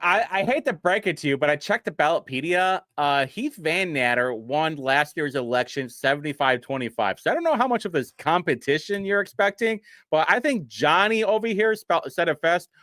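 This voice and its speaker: A man's voice: on the high side, expressive, normal speed, hardly any pauses, bright, forceful tone, no room sound, clean studio sound. A young man hosting a casual live stream, rambling and mocking with frequent laughs. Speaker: streamer host.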